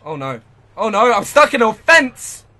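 A young man giving live gameplay commentary, muttering to himself one moment and shouting at the game the next. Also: high-pitched, very animated, unhurried. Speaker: gaming channel host.

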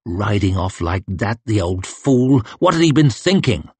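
Husky male audiobook narrator. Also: lowish voice, big pitch swings, measured pace, darkish tone, no room sound. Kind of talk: scripted narration.

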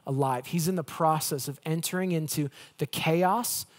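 A male pastor preaching a conversational sermon with playful asides, swinging between loud emphasis and hushed, gentle lines. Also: on the high side, moderate pace.

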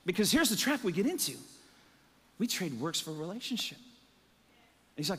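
A man's voice: high voice, very animated, moderate pace, long pauses, fairly bright tone, breathy edge, big-room sound. A male pastor preaching an impassioned sermon with emphatic repetition and rhetorical questions, his voice a little strained. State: voice strained, catching his breath. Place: church sanctuary.

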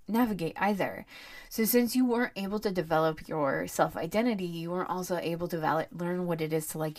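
A woman hosting her own podcast, talking candidly in a rambling, heartfelt solo monologue that turns animated when she rants. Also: on the low side. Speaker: podcast host.

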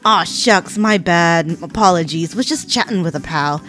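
A woman's voice: fairly low pitch, normal speed, a bit bright, soft background music, lightly acted. A woman voicing a swaggering Southern cowboy man who drawls in a folksy way and swaps his cuss words for tame ones. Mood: sheepish folksy. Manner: folksy drawl, censored cussing.

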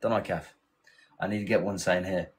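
A man's voice: sits low, steady tone, a little fast, slight background noise, low-quality recording. Chatty man hosting a live stream. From England. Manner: chatty, thanks viewers, rallies team. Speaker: livestream host. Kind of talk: casual live-stream chat. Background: loud music.

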